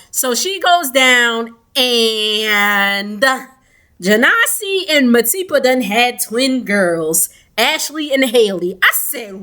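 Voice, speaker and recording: A woman vlogger recapping a reality series in a casual chat, animated and laughing as she acts out what people said. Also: sits high. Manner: animated storytelling with quoted voices and laughter.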